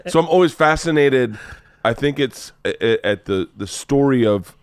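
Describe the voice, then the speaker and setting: A man's voice: medium pitch, animated, normal speed, smooth, no room sound, studio quality. A man in his forties hosting a podcast in casual chat, rambling with restarts and swearing freely. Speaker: podcast host.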